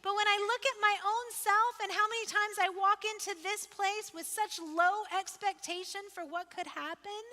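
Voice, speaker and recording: A woman's voice: extremely high pitch, steady tone, normal speed, hardly any pauses, pushed and bright. A woman pastor preaching a sermon in a conversational, emphatic way, asking questions and repeating phrases for effect. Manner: conversational, asks the listeners questions. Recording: long reverb of a large hall.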